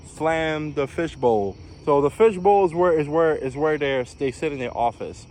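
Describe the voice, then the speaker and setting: A man's voice: a little high, moderate pace, darkish tone, a little hiss or hum. Young man rambling through a personal story. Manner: rambling, repeats phrases, frequent fillers. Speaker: vlogger. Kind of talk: casual storytelling.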